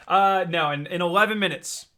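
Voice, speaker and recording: A young man streaming live, reacting in an excitable, profane way with frequent laughs. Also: high voice, unhurried.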